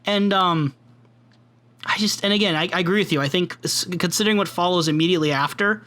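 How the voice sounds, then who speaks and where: A man co-hosting a podcast, chatting casually with a raised, tense, bright tone. He laughs easily and drops into little performed quotes as he talks. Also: high-pitched, quick pace. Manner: laughs often and acts out quoted lines. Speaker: podcast co-host.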